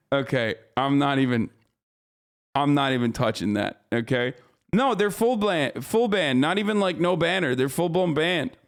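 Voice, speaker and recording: A man's voice: a little high, animated, measured pace. A man streaming live, giving casual, profane and incredulous commentary as host.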